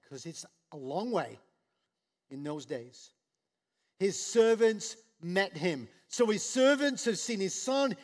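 Male preacher, high and unhurried, dynamic delivery, echo of a large hall. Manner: animated, swings from soft to loud acted quotes. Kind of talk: sermon. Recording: long hall reverb.

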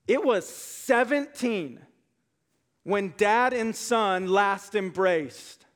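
Before a live congregation, a pastor whose voice is notably high delivers a lively sermon and reads from scripture. He speaks casually, as if in conversation, moving between quiet, hushed asides and loud, emphatic high points.

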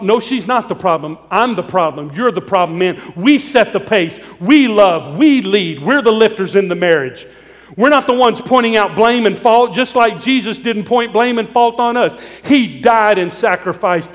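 A man's voice: high-pitched, lively intonation, normal speed, big-room sound. A pastor preaching a sermon, earnest and pleading as he urges his listeners.

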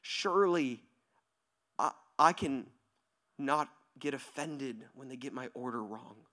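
Male preacher, bright and forceful tone, chatty sermon delivery with big swings from loud to whispered. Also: medium pitch, takes it slowly. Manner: animated, conversational, asks "right?" constantly; swings from near-shouting to hushed whispers. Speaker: pastor.

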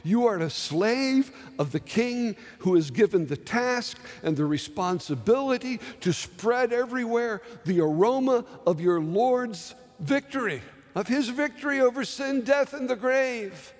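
Preacher in a reverberant hall. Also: male voice, high-pitched, darkish tone. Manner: dramatic slow emphasis, acting out quoted pleas. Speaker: pastor. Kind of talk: sermon.

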